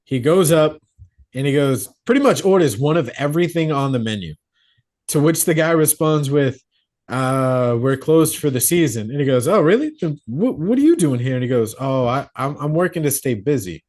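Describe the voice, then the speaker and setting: A man's voice: mid-range voice, normal speed. A man co-hosting a horror podcast, retelling a film plot casually, swearing and acting out the characters' lines. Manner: swearing, animated retelling with quoted character voices. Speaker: podcast co-host. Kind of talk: casual movie recap. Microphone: podcast mic.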